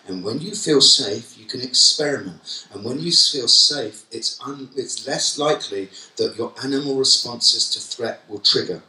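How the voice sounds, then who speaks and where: Bright-voiced man giving a keynote. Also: medium pitch, normal speed, hardly any pauses. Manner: lively, joking, quizzes the audience directly. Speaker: keynote speaker. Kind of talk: conference keynote talk. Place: conference hall at a college. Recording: echoey hall from far off.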